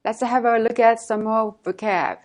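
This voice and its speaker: Lady teacher walking thru dates, says every word super clearly, slightly high voice. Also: normal speed. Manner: clear, careful model pronunciation. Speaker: language teacher. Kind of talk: scripted language lesson.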